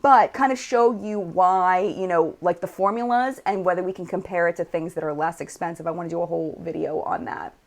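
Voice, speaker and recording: A woman's voice: on the low side, brisk, few pauses. An American woman hosting a casual live chat, reading viewer comments aloud and showing makeup on camera.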